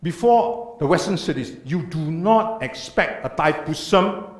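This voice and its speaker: A man delivers an earnest church talk with a lively, swinging pitch and frequent rhetorical questions. His voice sits a little high for a man. The sound carries the echo of a roomy church hall. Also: unhurried. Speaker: speaker. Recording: echoey church room.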